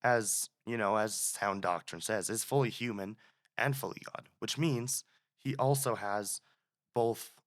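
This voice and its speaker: Lowish voiced guy in his 20s, student guest on a podcast, animated storyteller. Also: unhurried. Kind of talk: casual podcast interview.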